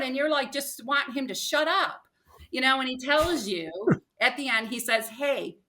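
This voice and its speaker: An older woman, a podcast guest, telling a personal story in an animated way and acting out what people said. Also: a little high, normal speed.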